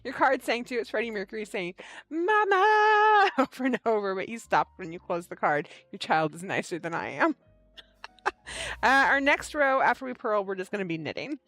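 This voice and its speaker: A woman's voice: mid-range voice, a little fast, dry recording, faint music behind. A woman hosting a knitting livestream, chatting casually and telling stories with lots of laughter. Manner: animated storyteller, laughing often.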